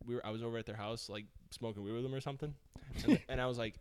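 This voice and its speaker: A young stand-up comic co-hosting a podcast, telling stories in a quick, animated way. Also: male voice, mid-range voice, smooth. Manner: rapid, animated storytelling. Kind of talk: casual comedic chat.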